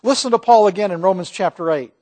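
A male pastor preaches earnestly to his congregation in a church sanctuary, his voice swelling when he reads scripture. He speaks quickly in a high voice with a darkish tone.

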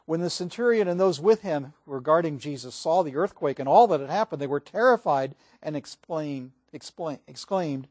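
A male pastor preaching a sermon, reading scripture aloud and moving between swelling emphasis and hushed passages. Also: a little high, lively intonation, normal speed, few pauses, no echo.

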